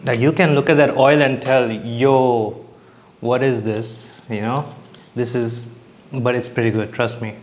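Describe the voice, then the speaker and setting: A man's voice: mid-range voice, fairly even intonation, normal speed. A young man casually reviewing dishes as he eats, chatty and hesitant, restarting his sentences and talking with his mouth full. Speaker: food vlogger.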